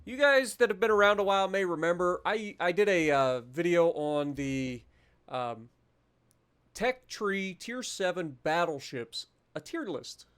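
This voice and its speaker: A man's voice: high voice, expressive, a little slow, a bit bright, smooth. A man hosting his own gaming channel, ranking ships in a casual, chatty commentary full of fillers and restarts, joking at his own expense. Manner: chatty, self-deprecating, many fillers and restarts.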